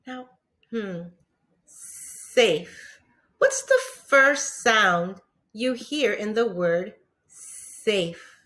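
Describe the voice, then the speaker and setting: Very slow, patient kindergarten teacher woman. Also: medium pitch, expressive, bright, forceful tone. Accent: New York English. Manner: patient, pauses for pupils to answer, praises often. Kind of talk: slow, encouraging classroom lesson for young children.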